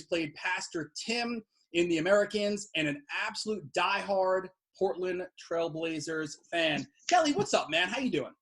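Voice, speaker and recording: High-voiced upbeat male game host. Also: animated, normal speed, hardly any pauses, fairly bright tone, faint music behind. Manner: upbeat announcer introductions. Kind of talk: game show hosting over video call.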